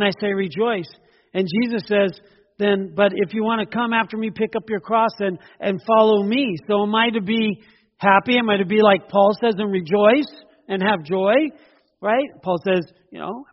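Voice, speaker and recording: A man delivers a sermon in a husky, high voice, pressing his point with rhetorical questions and emphatic repetition. The recording is dull and lo-fi, with long reverb trailing off his words as if in a large hall. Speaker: preacher.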